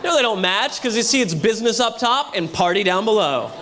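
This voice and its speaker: A young man doing a brash stand-up comedy set with loud crowd work at a hotel show. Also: high voice, expressive, a little fast. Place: hotel comedy show before a live audience. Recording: live room with audience.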